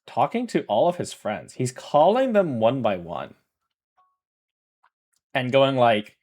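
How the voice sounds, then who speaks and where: Lively rambling male streamer. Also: medium pitch, slow pace, pauses often. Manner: rambling, self-correcting storyteller who laughs often. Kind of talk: casual livestream chat.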